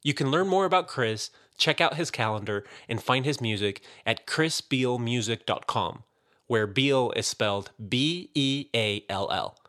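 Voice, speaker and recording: A man hosts an interview show with a bright, forward tone and a middle pitch. He reads a prepared introduction and then asks his questions in a measured, slightly halting manner. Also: expressive. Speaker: podcast host.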